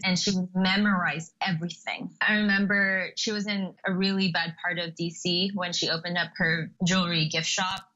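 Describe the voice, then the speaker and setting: A woman's voice: lowish voice, highs cut off. A young adult woman, a podcast guest and entrepreneur, chatting casually and acting out quoted people as she tells stories. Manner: lively storyteller, acts out quotes with laughs. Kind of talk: casual interview chat.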